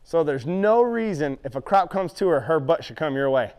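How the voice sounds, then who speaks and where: A middle-aged horse trainer with a notably high voice tells vivid stories, acting out his own reactions. He coaches a student through groundwork in an arena in the same animated way. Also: moderate pace, smooth. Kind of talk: storytelling and hands-on riding instruction.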